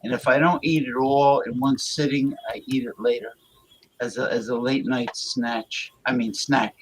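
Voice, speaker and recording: A male livestream host with a mid-pitched voice chats loosely with his viewers and reads their comments aloud. He is crude, rambles from topic to topic, and stumbles over repeated words. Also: fairly even intonation, normal speed, a little hiss or hum, low-quality recording.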